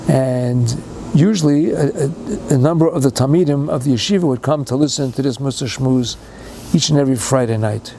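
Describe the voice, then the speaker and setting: A man's voice: mid-range voice, fairly quick, creaky, dark tone, a little hiss or hum. An older man giving a storytelling sermon in English sprinkled with Yiddish and Hebrew words, building to emphatic, fervent passages. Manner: retells a story with rising, emphatic fervor. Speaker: speaker giving a Torah talk.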